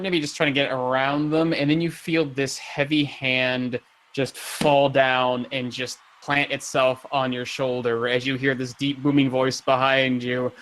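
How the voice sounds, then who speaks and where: A man with a medium-pitched voice runs a tabletop game as game master, narrating scenes in a relaxed, descriptive way.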